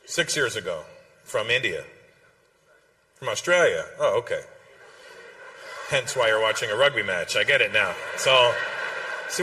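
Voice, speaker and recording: Male stand-up comic, teasing crowd work, bright tone, live hall reverb. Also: medium pitch. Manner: teasing, chatty, swearing. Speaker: stand-up comedian.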